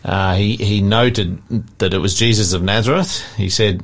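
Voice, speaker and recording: A man co-hosting a Christian radio show, reading scripture aloud in a steady, measured way. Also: on the low side. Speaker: radio co-host.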